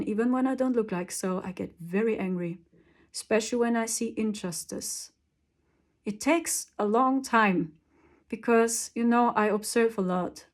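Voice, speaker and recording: A woman's voice: a little high, darkish tone. Emphatic woman talking spiritual advice. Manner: emphatic, repeats words for stress, laughs often. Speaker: spiritual channel host. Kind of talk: casual spiritual talk to camera.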